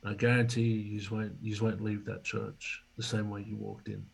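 A man recounts a story as an interview guest. His voice is low and husky, and his pitch stays fairly flat even as he voices the people he quotes. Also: normal speed, low-quality recording. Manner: animated storyteller, acts out quoted dialogue. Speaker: podcast guest, former rugby league player.

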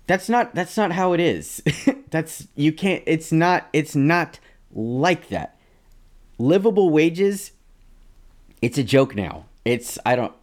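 A man in his thirties co-hosting a podcast, talking in a casual, rambling way with halting restarts. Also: mid-range voice, darkish tone. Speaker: podcast co-host.

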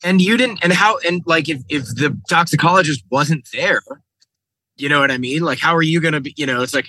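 Brief: male co-host, very bright tense tone, slightly high, dry sound. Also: dry recording, poor audio. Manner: animated reactions and quick interjections. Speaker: podcast co-host. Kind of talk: casual chat.

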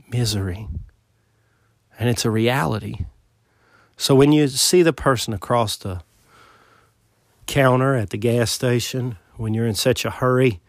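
A man preaching a sermon in an earnest voice, asking rhetorical questions and swelling louder before dropping low. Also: no room sound, studio quality.

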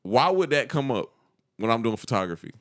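A man's voice: medium pitch, fairly quick. A young man co-hosting a casual podcast, telling stories in slang and acting out what other people say. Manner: animated, slangy storytelling with acted-out quotes. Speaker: podcast co-host.

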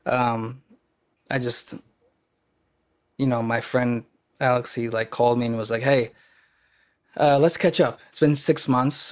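A young man, a podcast guest and actor, telling a personal story in casual conversation, rambling with fillers and restarts and acting out quoted voices. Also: medium pitch.

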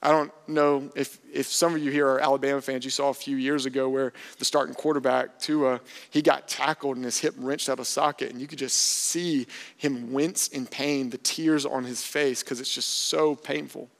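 A man's voice: medium pitch, level tone, normal speed, creaky, hardly any pauses, big-room sound. A man preaching a sermon as pastor, earnest and building to impassioned emphasis.

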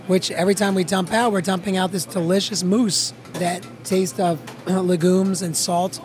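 A man's voice: sits high, level tone, moderate pace, a little mellow, faint music behind. A man, a chef, explaining his ideas earnestly in an interview in a busy restaurant kitchen. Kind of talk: interview answers.

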